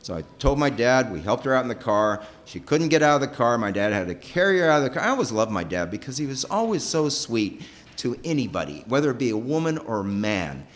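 A middle-aged man telling a personal story with emotion. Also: fairly quick. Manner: emotional, animated, pitch rising and falling sharply.

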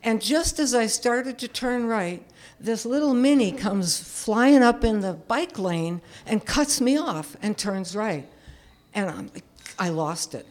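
A woman's voice: mid-range voice, takes it slowly. A woman in her seventies telling a personal story in a candid, self-deprecating way, often chuckling. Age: 70s.

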